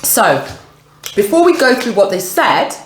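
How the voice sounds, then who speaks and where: A woman's voice: on the high side, big pitch swings, measured pace, fairly bright tone. A woman hosting an eating vlog, chatting casually and leading the talk with questions. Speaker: vlog host. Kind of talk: casual chat while eating. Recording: roomy echo, faint noise.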